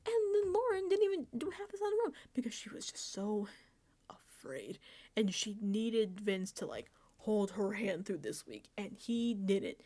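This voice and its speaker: A woman host giving a casual, animated recap of a reality show, laughing often and sounding exasperated. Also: medium pitch, measured pace.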